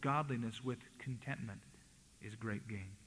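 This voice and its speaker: A man's voice: lowish voice, measured pace, a bit bright, big-room sound, a little hiss or hum, poor audio. A man preaching a sermon, reading scripture aloud with emphatic rises and falls. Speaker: pastor.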